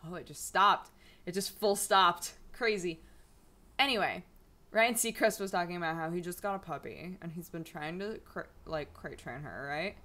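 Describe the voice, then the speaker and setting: A woman's voice: fairly low pitch, moderate pace, sharp tone. A young adult woman chatting casually at home in a rambling vlog, full of fillers. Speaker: vlogger. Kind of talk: casual chat.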